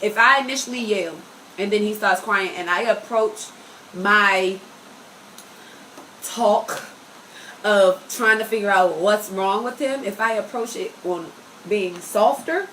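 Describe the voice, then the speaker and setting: A woman hosting a casual talk show, telling stories loudly and with animation. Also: medium pitch, a little slow, far from the mic, slight background noise, low-quality recording. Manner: loud, animated storytelling. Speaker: host. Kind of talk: casual podcast chat.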